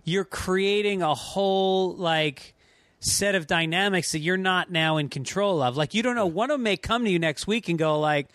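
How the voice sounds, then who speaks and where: A man with a notably high speaking voice, a comedian guest on a podcast. He answers with blunt, wry remarks in easy chat. The sound is close and dry. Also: moderate pace, a bit bright, dry recording. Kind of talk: casual chat.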